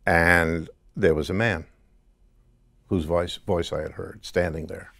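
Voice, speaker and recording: A man guest in an interview, recounting a dream in a halting way with restarts. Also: sits low, fairly even intonation, vocal fry, a bit bright, dry recording, clean studio sound. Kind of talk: testimony interview.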